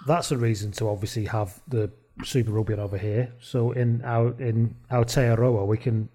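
A man co-hosts a casual podcast with a mellow, relaxed voice. He talks in a chatty, loose way, swearing freely and laughing while he reads out listener messages. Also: mid-range voice, moderate pace. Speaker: podcast co-host.

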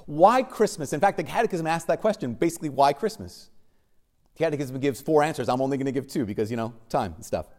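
A man, a Catholic priest, preaching a sermon with wry asides, swinging from urgent questioning to hushed emphasis. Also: mid-range voice, animated, fast.

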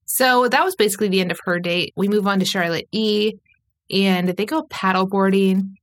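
A woman co-hosting a casual podcast, recapping at an average pitch. She talks in a chatty way, fills her sentences with "like," and briefly acts out the people she quotes. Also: fairly even intonation, moderate pace. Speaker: podcast co-host.

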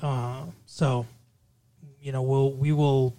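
A man co-hosting a casual news-chat podcast, his voice sitting at an ordinary middle pitch. He rambles through stories with plenty of fillers and restarts. Now and then he turns dryly sardonic. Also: level tone, slow, dark tone. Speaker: podcast co-host.

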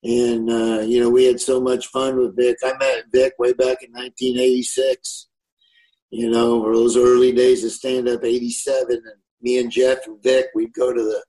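A man's voice: medium pitch, flat delivery, normal speed, dark tone, low-quality recording. A man in his sixties with a Southern US accent, a comedian telling rambling stories in a casual interview. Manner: easygoing, rambling storyteller. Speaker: comedian guest.

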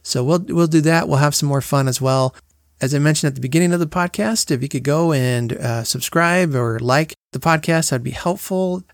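A man's voice: a little high, normal speed, no echo, studio quality. A man hosting a podcast, speaking in an earnest, reflective way as he tells family stories in a casual monologue. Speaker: podcast host.

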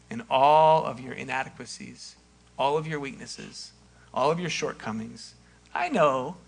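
A man preaching a sermon in a conversational way, acting out quoted lines and swinging from loud to hushed. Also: a little high, husky. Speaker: pastor.

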